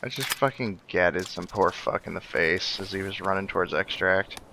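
A man's voice: low-pitched, moderate pace, vocal fry, sharp tone, a little hiss or hum. A man chatting with his squad mates while playing a shooter game, swearing and laughing often. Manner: crude, joking, laughs often. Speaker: streamer and squad member. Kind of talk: casual gaming chat with friends.

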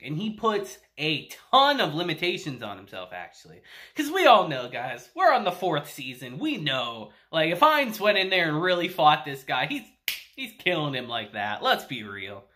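A man's voice: a little high, huge pitch swings, normal speed, bright, forceful tone. A man casually reviewing an anime episode, laughing often, swearing, and acting out quotes.

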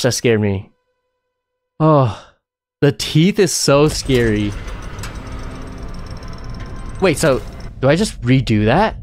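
A man's voice: mid-range voice, slight background noise. Jumpy man streaming a horror game. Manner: talks to himself, panicky yelps and nervous laughs. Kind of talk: let's-play commentary.

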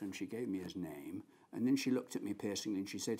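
Man, academic lecture, storytelling, animated pitch. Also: brisk. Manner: storytelling, acting out quoted voices. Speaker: philosophy lecturer.

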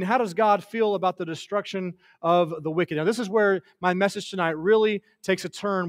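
Preacher guy, high voice, goes big then real quiet, fired up sermon. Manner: impassioned, swings from loud to hushed.

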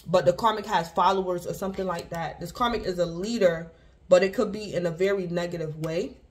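A woman's voice: lowish voice, steady tone, brisk. Woman, tarot reader, casual and rambling, repeats herself, speaks to the collective. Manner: rambling and repetitive, addresses the collective; speaks in loose restarts, circling back to one point. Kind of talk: casual tarot reading to viewers.

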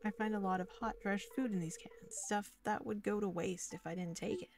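A woman reading the lines of a humble, gentle old hermit man in a video game, close to her own voice. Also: medium pitch, steady tone, brisk, faint music behind, close to an everyday voice.

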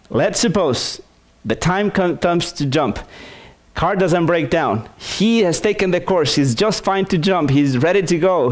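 A male pastor preaching a sermon, telling a story in an animated way with many restarts and repeated words. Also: fairly high pitch.

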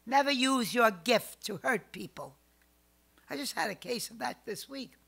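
An older woman telling family stories as a podcast guest, animated, swinging between loud outbursts and hushed asides. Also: fairly high pitch, unhurried, gravelly. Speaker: psychic guest. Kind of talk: storytelling in a podcast interview.

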